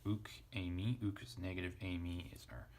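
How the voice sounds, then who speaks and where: A man's voice: sits low, little pitch movement, a little fast, a little mellow, a little hiss or hum. A man teaching a casual lesson, thinking aloud as he spells out letters and parses a text. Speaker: Greek teacher.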